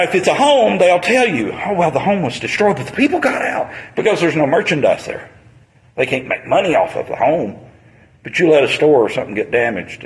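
A man's voice: medium pitch, rough recording. A man, preaching a sermon on a Bible passage in a conversational storytelling manner.

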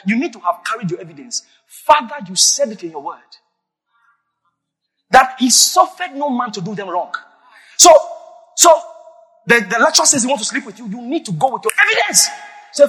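A man preaching a sermon as a pastor, emphatic and breaking into sudden shouts. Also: high voice, husky. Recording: long reverb of a large hall.

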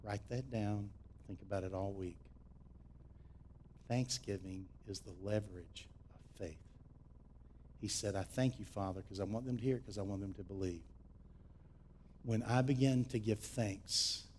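A man preaching a sermon as pastor, shifting between shouted exhortation and quiet, close teaching. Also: on the low side, unhurried, long pauses, slight background noise.

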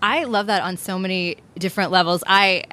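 A woman hosting a podcast, affirming her guest warmly and asking questions in a casual interview. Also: medium pitch, steady tone, brisk. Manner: warm, affirming. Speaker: podcast host.

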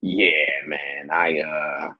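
A man telling a long story in a casual interview, animated and swearing freely as he acts out what people said. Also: extremely low pitch, extremely slow, slightly rough, no room sound. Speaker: interview guest. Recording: dull lo-fi sound.

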